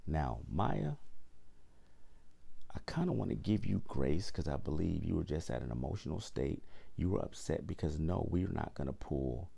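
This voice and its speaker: A man's voice: extremely low pitch, animated, normal speed, creaky, mellow, husky. A man hosting a podcast, telling a personal story in an indignant, emphatic way and acting out what others said. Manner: indignant, emphatic, acts out quoted lines. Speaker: podcast host.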